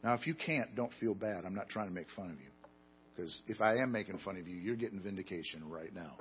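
A man preaching a sermon, telling stories with self-deprecating humor and swinging between loud emphasis and quiet asides. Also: low-pitched, brisk, muffled recording, a little hiss or hum. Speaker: pastor.

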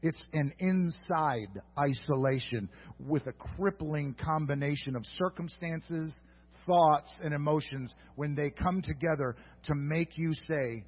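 A pastor preaching a sermon in an earnest way, moving between hushed reflection and fervent exhortation. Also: male voice, a little high, animated, a little slow, slightly rough, muffled recording.

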